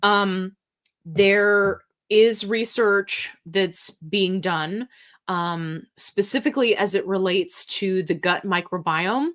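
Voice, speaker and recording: Slow-talking woman hosting a live Q&A. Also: mid-range voice, a bit bright. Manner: chatty and candid, reads viewer comments aloud and reacts. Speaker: livestream host answering viewer questions. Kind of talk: casual live Q&A chat.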